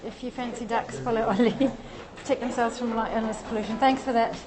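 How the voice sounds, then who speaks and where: A woman's voice: fairly high pitch, fairly even intonation, brisk, a crowd in the background. Chatty woman live-streaming on her phone. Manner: chatty, reads and answers viewer comments while walking. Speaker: livestream host. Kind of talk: casual live-stream chat. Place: outdoors then climbing a stone stairwell. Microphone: phone held in hand. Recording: noisy street and stairwell sound.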